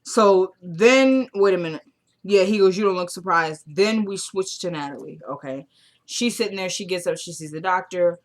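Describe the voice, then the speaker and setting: A woman's voice: on the low side, normal speed. A woman vlogger talks through a TV episode in a loose, casual recap. She is chatty and opinionated and drops in slangy asides.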